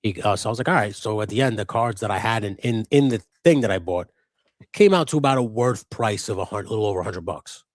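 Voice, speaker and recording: Low-voiced man telling a profane story. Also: animated, quick pace, no echo, studio quality. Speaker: co-host of a live customizing stream. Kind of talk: casual chat, storytelling.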